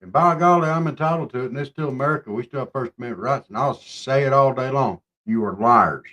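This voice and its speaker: A man ranting on a live talk show, mocking and swinging between loud outbursts and low mutters. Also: fast talker. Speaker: show co-host. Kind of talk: casual political chat.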